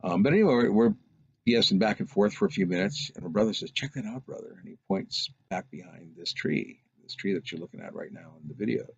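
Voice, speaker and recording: A man's voice: sits low, quick pace, vocal fry, slightly rough, no echo. A man telling a personal anecdote in a casual, rambling, meandering way. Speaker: storyteller recounting a personal experience. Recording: dull lo-fi recording.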